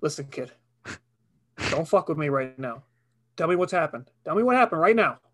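A man playing a brash, impatient street cop who loudly questions a kid in a joking improvised scene. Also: fairly high pitch, brisk, natural voice. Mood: barking. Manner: loud, barking, impatient questioning.

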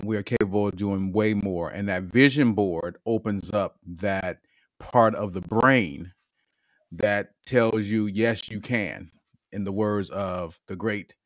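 A man hosting a podcast, talking casually and announcing the episode topic with animated, drawn-out hype. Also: fairly low pitch, no echo, clean studio sound. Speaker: podcast host.

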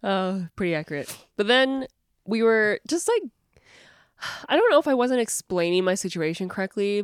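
Her voice low-ish and smooth, a podcast co-host shares stories in relaxed conversation, cursing casually and animatedly. The clean studio sound carries no room sound.

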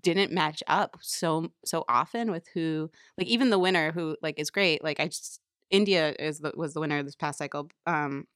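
Woman podcast co-host, low voice, dry close sound, rambling casual chat. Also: no room sound. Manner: rambling, heavy use of "like". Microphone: studio podcast mic.

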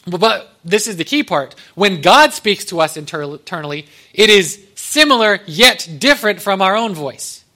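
A man's voice: high-pitched, animated, moderate pace, hardly any pauses, pushed and bright. A man pastor giving a conversational sermon, with joking asides to the congregation.

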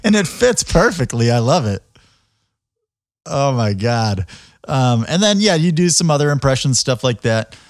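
A man's voice: mid-range voice, big pitch swings, unhurried, no room sound, studio quality. A man hosting a casual interview, rambling through his questions and laughing a lot. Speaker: podcast host.

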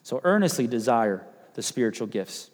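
A man preaching a sermon as pastor, chatty and casual, rising to loud urgent passages and dropping to hushed near-whispers. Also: medium pitch, very animated, moderate pace. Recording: long hall reverb.

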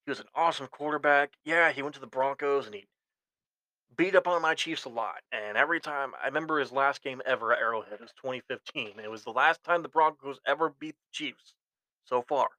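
A man's voice: medium pitch, a little fast, bright, forceful tone, dry recording, low-quality recording. A man hosting a solo sports podcast, rambling and correcting himself as he gives opinionated fan takes. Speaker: podcast host.

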